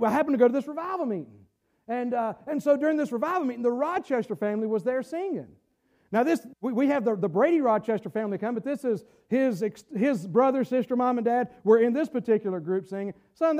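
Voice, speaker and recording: A man, preaching a fervent sermon with halting restarts and shouted bursts. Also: very high-pitched. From Southern United States. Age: 40s. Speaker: pastor.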